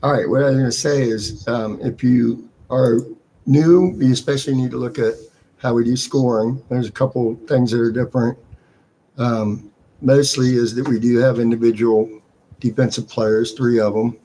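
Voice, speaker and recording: A man's voice: medium pitch, steady tone, moderate pace, dark tone. A man running a fantasy football draft on a live stream, casually explaining the league's scoring rules with frequent restarts.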